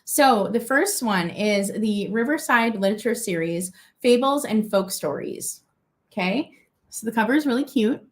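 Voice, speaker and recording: A young woman from Minnesota runs a casual live-stream sale of vintage goods. She chats warmly and gushes over each piece, with lots of "um" and "like" and quick asides, and her voice sits a little high. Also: expressive. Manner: chatty and gushing, with many fillers and asides. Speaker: live auction seller.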